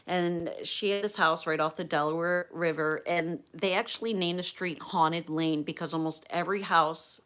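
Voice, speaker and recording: A woman from Pennsylvania hosting a livestream, telling a personal story in a chatty, animated way and acting out the quotes. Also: deep voice. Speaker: livestream host.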